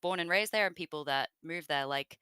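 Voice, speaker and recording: Australian woman, interview guest, casual chat, dry close sound, smooth voice. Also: fairly low pitch, fairly quick, sharp tone, no echo. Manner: chatty, laughs often, many fillers and restarts.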